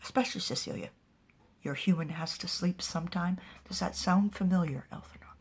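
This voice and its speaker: A woman's voice: fairly low pitch, brisk, slightly rough. Woman whispering as a stern male clan chief. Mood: cold warning.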